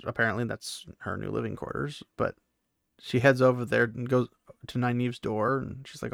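A man's voice: mid-range voice, animated, normal speed, gravelly, no echo, studio quality. A young man giving a casual, chatty chapter recap with laughing asides and lots of fillers. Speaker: book recap vlogger.

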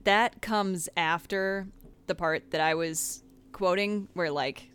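A woman in a casual chat about game lore, excited and full of fillers and swearing. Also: fairly low pitch, slow, clear, resonant tone.

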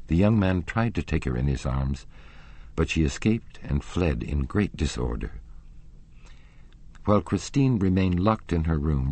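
A man narrating a classic novel as an audiobook, in a measured, expressive storytelling manner. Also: a bass voice, husky.

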